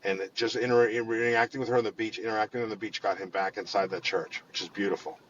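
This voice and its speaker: A man guest telling long stories in an interview, animated and full of restarts and repeated words. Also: lowish voice, fast talker, dull audio, slight background noise. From Pittsburgh area. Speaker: guest, financial firm head. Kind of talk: conversational storytelling in an interview.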